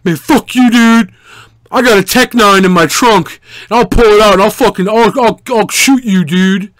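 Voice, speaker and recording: A man acting out a drunk, hostile young man who shouts curses and threats. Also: sits high, normal speed, no echo, pitched above the performer's own voice. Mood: threatening. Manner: shouting, swearing, blustering.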